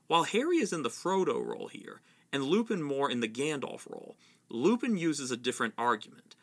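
A man giving measured, explanatory commentary on a novel. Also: medium pitch, wildly swooping pitch, a bit bright. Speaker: literary commentator. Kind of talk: analytical book commentary.

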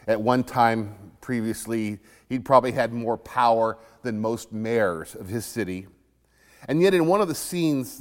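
Emphatic male preacher with a lively voice. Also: medium pitch, big-room sound. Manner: emphatic, dramatic storytelling delivery. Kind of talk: sermon.

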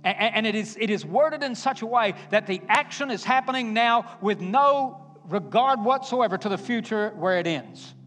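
A man preaching a sermon to a congregation, emphatic and building to forceful exhortation. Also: high voice, expressive, moderate pace, few pauses. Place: church sanctuary. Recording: long hall reverb, faint guitar. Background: faint guitar music.

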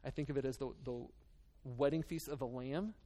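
A male pastor gives a sermon in an earnest, conversational manner, stopping and restarting his thoughts as he alternates between scripture reading and plain talk to his congregation. His middle-pitched voice is dark, steady in tone and brisk.

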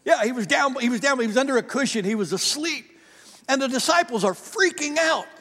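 A man's voice: very high voice, lively intonation, fairly quick, bright, forceful tone. A male pastor preaching a sermon in a church sanctuary, emphatic with frequent repeats. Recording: long church hall reverb.

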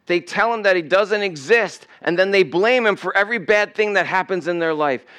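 A man's voice: high voice, normal speed, fairly bright tone, clean tone. A male pastor preaching a sermon in a conversational way, now and then acting out the people in the story. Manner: conversational preaching, acts out quoted voices. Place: church sanctuary.

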